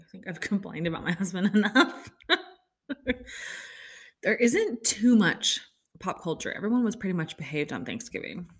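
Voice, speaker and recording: Chatty sarcastic woman ranting casually. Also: on the low side. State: upset stomach. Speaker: podcast host. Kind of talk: casual chat.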